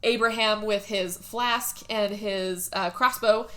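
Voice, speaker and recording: Bright-voiced woman recapping a movie. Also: medium pitch, steady tone, takes it slowly. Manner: laughs often, swears freely. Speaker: podcast host.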